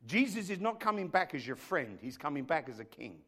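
A man preaching a sermon in church as the pastor, emphatic, dropping to a hush and rising to loud, speaking straight to his congregation. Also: fairly high pitch, big pitch swings, fairly quick. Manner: emphatic, swinging between hushed and loud; addresses the congregation directly.

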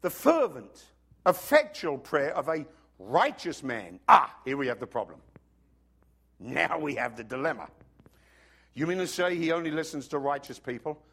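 A man's voice: on the high side, sing-song, normal speed, creaky, a bit bright, slightly rough. A man preaching a sermon in a conversational way, acting out little scenes and dropping joking asides to the congregation.

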